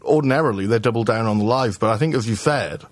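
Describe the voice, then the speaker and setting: Man, podcast co-host, mid pitch, joking, sweary, dry close sound. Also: quick pace, no echo. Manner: laughing, jokey, sweary. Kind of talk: casual chat.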